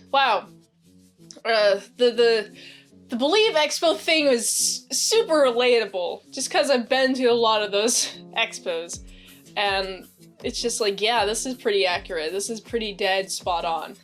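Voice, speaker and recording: A woman casually recapping a TV episode, chatty and excitable, filling her talk with "like". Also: on the high side. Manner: chatty and excitable, heavy use of "like", acts out quoted lines. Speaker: series reviewer.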